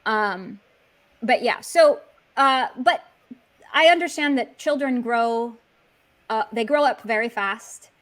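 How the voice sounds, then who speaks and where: A woman's voice: fairly high pitch, takes it slowly, pauses often, a bit bright. A middle-aged woman chatting earnestly and casually in a video call, using filler words. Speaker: language exchange partner. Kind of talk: casual conversation.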